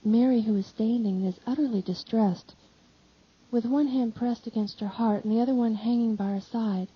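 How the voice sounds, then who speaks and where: A woman reading a devotional text aloud in measured, solemn narration. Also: a little high, fairly even intonation, slightly rough. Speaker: audiobook reader. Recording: slightly dull lo-fi audio.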